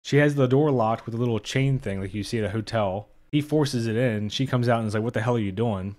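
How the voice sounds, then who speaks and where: A man's voice: medium pitch, brisk, darkish tone. A young man giving a casual spoken movie review, blunt and profane, openly exasperated.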